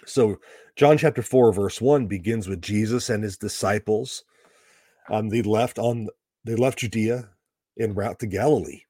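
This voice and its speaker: A man with a low voice teaches through a scripture passage, laying out the background step by step in a relaxed, conversational way. His delivery is recorded close and dry, with no room sound around it. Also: dry recording. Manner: conversational, explaining step by step with casual asides. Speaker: Bible teacher. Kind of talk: explanatory Bible lesson.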